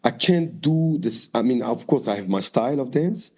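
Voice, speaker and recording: Mellow-voiced man telling lively stories. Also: medium pitch, normal speed, husky. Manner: lively storyteller, acts out quoted voices, swears freely. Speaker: guest dancer and choreographer. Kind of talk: storytelling interview.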